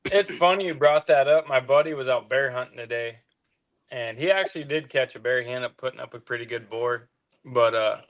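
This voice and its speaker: A man's voice: medium pitch, a little fast. A man who works as a hunting guide, telling stories in a laid-back way with dry humor. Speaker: hound hunting guide, co-host. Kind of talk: casual storytelling chat.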